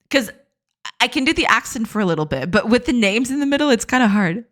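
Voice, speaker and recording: A woman's voice: a little high, lively intonation, fast talker, fairly bright tone. A woman game developer chatting casually on a live stream, reading and greeting her chat and laughing often. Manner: giggly, reads and greets chat.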